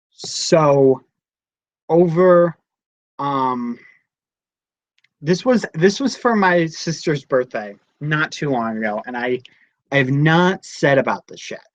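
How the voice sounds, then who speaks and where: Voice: medium pitch, expressive, slow, pauses often, a bit bright, no room sound. Rambling young live-streamer, dull dry sound. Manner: rambling, chatty storytelling. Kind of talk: casual live-stream chat. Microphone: device camera mic close up.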